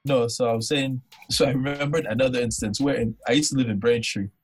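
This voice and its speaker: A man talking as a guest on a casual podcast, telling stories in an excitable way, laughing and restarting often. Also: medium pitch, fast, slightly rough, faint music behind. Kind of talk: casual conversation.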